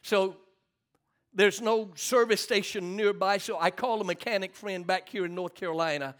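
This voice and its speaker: Middle-aged male preacher, high and bright, storytelling sermon with call-and-response. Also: normal speed. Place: church sanctuary.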